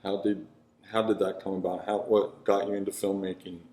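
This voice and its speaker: A man's voice: low-pitched, flat delivery, a little fast, dark tone. A man hosting an interview, asking easygoing follow-up questions. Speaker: interview host. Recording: roomy echo.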